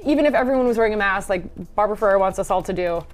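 A woman's voice: medium pitch, rapid-fire, faint music behind. A woman co-hosting a casual chat podcast, telling a story and acting out the people in it. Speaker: podcast co-host.

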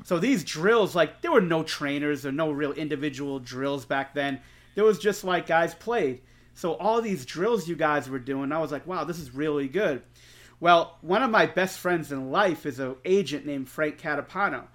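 A podcast co-host, this man tells stories in a casual chat, animated and swearing freely while acting out quotes. His voice is a little high and his pace moderate.

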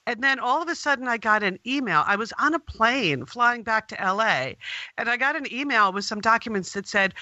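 Middle-aged woman guest, animated storyteller; very bright, sharp tone, dry recording. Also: fairly high pitch, no echo, dull audio. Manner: animated, recounts events at length. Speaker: podcast guest. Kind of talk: casual interview storytelling.

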